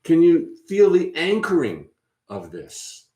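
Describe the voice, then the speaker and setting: A man hosting a spiritual talk, conversational and encouraging, often repeating phrases softly as he guides listeners. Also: high voice, very animated, slow, roomy sound, a little hiss or hum. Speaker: host.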